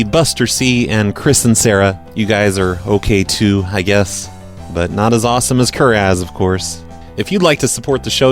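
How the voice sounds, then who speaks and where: A man hosting a prank call show, talking in a sarcastic, stammering way. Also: medium pitch. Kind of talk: casual podcast commentary.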